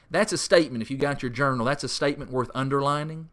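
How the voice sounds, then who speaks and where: A man leading a church Bible study, teaching in a conversational way with many fillers and lively acted-out quotes. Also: fairly quick, hardly any pauses. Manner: rises sharply in pitch when mimicking pleading voices.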